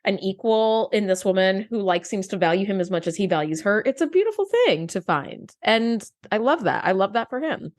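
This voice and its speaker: A woman's voice: medium pitch, lively intonation, a little fast, few pauses. A woman co-hosting a podcast, chatting casually and gushing enthusiastically with lots of "like.". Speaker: podcast co-host. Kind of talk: casual chat.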